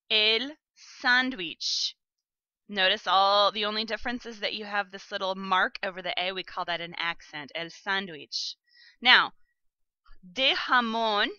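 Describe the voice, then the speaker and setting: Slow, bright-voiced woman teaching vocabulary. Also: mid-range voice, no room sound, muffled recording. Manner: slow, careful pronunciation of vocabulary. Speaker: language teacher. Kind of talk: recorded vocabulary lesson.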